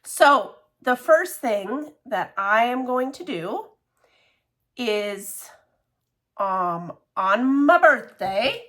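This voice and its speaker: A woman chatting casually in a show-and-tell craft vlog, gushing and excitable, with many restarts and laughs. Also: a little high, drawn-out words. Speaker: cross-stitch vlogger.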